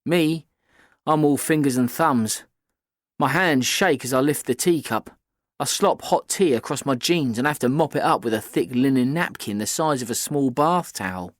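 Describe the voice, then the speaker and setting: A man reading a children's novel aloud in the first person, in an even storytelling manner. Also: medium pitch, normal speed, no echo, studio quality. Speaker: audiobook narrator. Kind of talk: scripted first-person narration.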